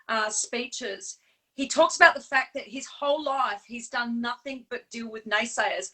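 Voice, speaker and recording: Woman, high voice, bright tone, chatty live host, fillers, laughs. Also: poor audio. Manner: chatty, animated, laughs often, strings fillers. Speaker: stand-in host of a live show. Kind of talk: casual live chat. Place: on Bribie Island.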